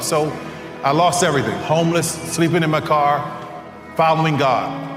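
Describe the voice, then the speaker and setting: A man's voice: on the high side, lively intonation, normal speed, pauses often. A man giving an impassioned motivational speech, repeating phrases for emphasis. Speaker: motivational speaker. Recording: echoey hall with live audience and music.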